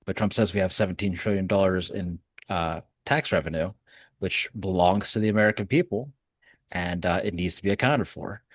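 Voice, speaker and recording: A man hosting a casual political commentary show, animated and sarcastic, swearing freely. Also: deep voice, normal speed, slightly rough, no room sound.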